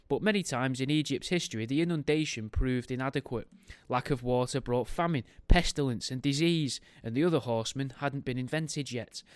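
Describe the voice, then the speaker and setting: On a dry recording, a podcast host with a medium-pitched, clean voice reads a history book aloud. He's wry, often veering off on tangents and cracking jokes mid-reading.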